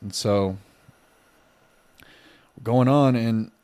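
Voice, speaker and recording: A podcast co-host with a mid-range, clean-toned voice speaks very slowly as he casually tells a story. He's animated, acting out both sides of the dialogue.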